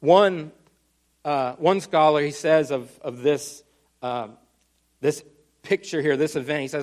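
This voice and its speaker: A man delivering a teaching sermon with a slightly high voice. He explains step by step in an earnest tone and slows down to press his main points home. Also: fairly even intonation. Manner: earnest, explanatory, with slowed emphasis on key words. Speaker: pastor.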